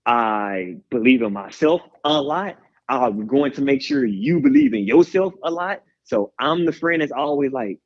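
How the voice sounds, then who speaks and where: A man in his thirties talks in a bright, slightly raised voice that bounces all over. He rambles with hype-man energy. The audio is a bit dull and lo-fi. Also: fairly high pitch, sing-song, normal speed, creaky. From Houston, Texas. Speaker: guest musician. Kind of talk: candid interview talk.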